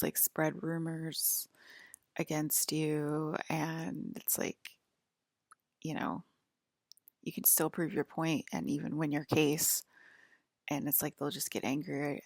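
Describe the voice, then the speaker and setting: A woman with a low, gravelly voice rambles on in a personal monologue, wandering from thought to thought with plenty of "um" and "like." The sound is dry and close, with no room around it. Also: dry recording. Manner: meandering, full of "um" and "like", soft-spoken. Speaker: vlogger.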